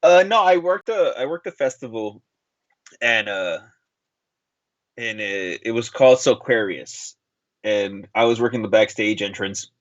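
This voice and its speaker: A man's voice: fairly low pitch, expressive, measured pace, no echo, muffled recording. A man co-hosting a podcast, chatting casually and telling a story with plenty of fillers and restarts. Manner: rambling storyteller with frequent fillers. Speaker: podcast co-host. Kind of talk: casual chat.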